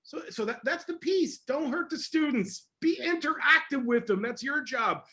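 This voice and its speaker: A man, a security educator, answering questions in a casual online session with energetic, emphatic talk. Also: very high voice, normal speed.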